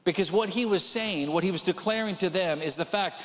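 A man's voice: sits high, brisk, fairly bright tone, big-room sound. A man preaching a sermon as pastor, talking in a conversational way and repeating key phrases for emphasis.

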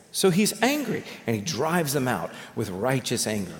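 Animated male pastor in a reverberant hall. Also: medium pitch, moderate pace, hardly any pauses. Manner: animated storytelling with repeated words. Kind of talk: sermon. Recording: long reverb of a large hall.

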